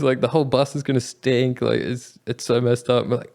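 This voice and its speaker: A man's voice: medium pitch, flat delivery, a little fast, creaky, darkish tone. A young man casually telling a travel story, rambling with many fillers and frequent laughs. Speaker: travel vlogger.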